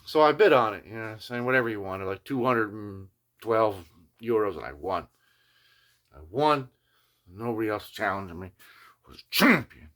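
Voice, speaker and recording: A man's voice: fairly low pitch, expressive, normal speed, a bit bright. An older man who hosts a guitar restoration video journal, telling a long casual story and adding "you know what I mean" again and again. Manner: slips into playful voices when quoting people.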